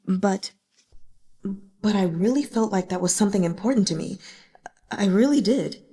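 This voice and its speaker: A woman reading the part of a broken young man with a damaged mind, speaking in halting, stammering short sentences while choked up and near tears. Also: high-pitched, expressive, mellow, husky, full character voice. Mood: pleading.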